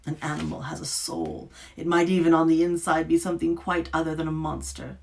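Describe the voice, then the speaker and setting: A woman doing a rasping stern forest witch. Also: steady tone, brisk. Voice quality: rasping, gravelly. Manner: toneless, low and quiet.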